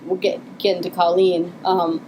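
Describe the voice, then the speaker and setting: Woman co-host, enthusiastic fan chat, halting and chatty, faint room hum behind. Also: lowish voice, flat delivery. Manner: chatty, many fillers and restarts, giggly. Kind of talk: casual podcast commentary.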